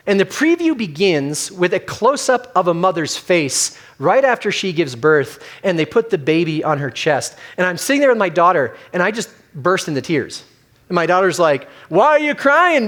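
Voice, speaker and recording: Male pastor, middle-aged, higher voice, casual animated sermon delivery. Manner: conversational, animated storytelling with acted quotes.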